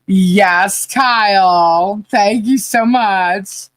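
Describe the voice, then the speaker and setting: A woman hosting a live podcast stream and reading the chat, chatty and halting, laughing often. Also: medium pitch, no echo, low-quality recording.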